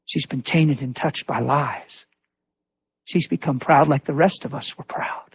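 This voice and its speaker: A male preacher delivering a sermon, telling stories in a lively way and acting out the people he quotes. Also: a little high, unhurried, slight background noise. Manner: animated storytelling with voiced quotes. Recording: dull lo-fi recording.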